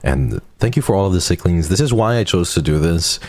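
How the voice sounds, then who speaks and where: A man's voice: low-pitched, animated, fairly quick, a little mellow, dry recording. A man hosting a live stream, chatting casually with a guest, joking and swearing often. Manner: joking, profane, laughs often. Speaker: streamer host.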